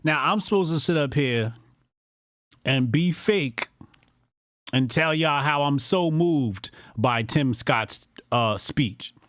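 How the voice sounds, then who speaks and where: A man's voice: on the high side, animated, takes it slowly, fairly bright tone, no echo, clean studio sound. Brash, mocking male commentary host. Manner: brash, profane, mocking, laughing. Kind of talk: casual political commentary.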